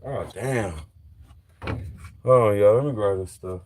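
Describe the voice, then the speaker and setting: A man's voice: lowish voice, a little slow, long pauses, a little mellow, soft background music. A middle-aged man chatting loosely with viewers on a livestream while working on a truck. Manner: loose, chatty, talks straight to viewers in slang. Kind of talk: casual live chat while working on a truck.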